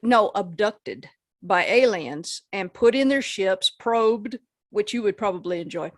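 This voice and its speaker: A woman's voice: mid-range voice, animated, measured pace, no echo. Teasing woman co-host, dry close sound. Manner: teasing, giggles often. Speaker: podcast co-host. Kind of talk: casual joking chat.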